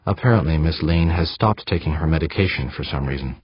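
A cool, unflustered woman official who talks smoothly and patiently, as if to a child. She is read by a man with a low, husky voice in a dry, slightly dull audiobook recording. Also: fairly quick, no room sound, exaggerated voice. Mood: patronizing.

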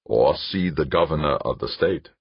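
A man voicing a crafty, eager male PR director who talks in an insistent, excitable way. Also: rumbling low, moderate pace, gravelly, husky, no echo, full character voice. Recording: dull lo-fi dry recording.

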